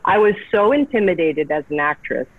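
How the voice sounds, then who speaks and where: A woman's voice: on the low side, expressive, a little fast, no echo. Woman, Canadian, actress guest, enthusiastic storyteller, phone-line sound, dry. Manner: enthusiastic, gushing anecdotes. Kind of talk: casual interview storytelling.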